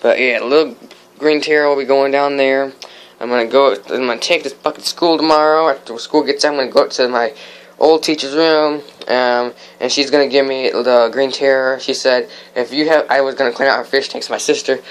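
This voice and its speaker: A man's voice: mid-range voice, steady tone, brisk, clear, resonant tone, poor audio. A teenage boy giving a rambling, casual walkthrough of his fish tanks at home, full of fillers and restarts.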